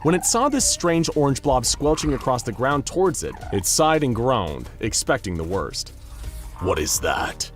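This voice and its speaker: Male narrator with a lively storytelling voice. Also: medium pitch, normal speed, few pauses, faint music behind. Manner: storytelling, dramatic emphasis. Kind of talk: scripted narration.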